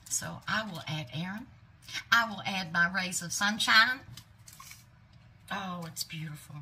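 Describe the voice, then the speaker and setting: A woman's voice: fairly low pitch, measured pace, sharp tone. A middle-aged woman unboxing gifts in a casual vlog, gushing, exclaiming often and dropping into whispered asides. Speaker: vlogger.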